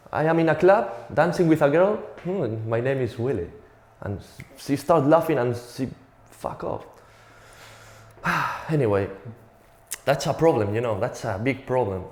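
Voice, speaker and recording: A man's voice: a little high, expressive, moderate pace, a little mellow, echoey room. A young man from Spain with a Spanish accent, telling a profane, self-mocking stand-up comedy routine.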